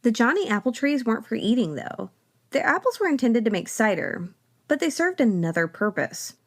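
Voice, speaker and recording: A woman's voice: fairly high pitch, very animated, normal speed. A woman hosting a podcast, reading scripted commentary with wry, sarcastic asides. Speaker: podcast host.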